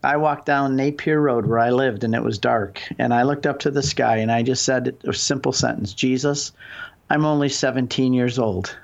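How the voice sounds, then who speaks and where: A man's voice: mid-range voice, steady tone, normal speed, creaky, few pauses, muffled recording. A man in his sixties, a guest on a call-in radio show, telling his story in an earnest, emphatic way. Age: 60s.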